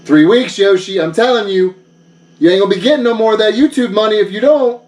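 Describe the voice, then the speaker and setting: A man's voice: high-pitched, fast talker, a little mellow, distant mic. A man who runs a vlog, bragging and bossing people around in a jokey one-sided phone call. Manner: boastful, mock-bossy, joking. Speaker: vlogger.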